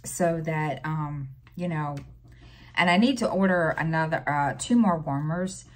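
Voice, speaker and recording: Low-voiced, slow-talking woman vlogger. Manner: rambling, halting with many fillers and restarts; exasperated storytelling with sighs. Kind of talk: casual chat.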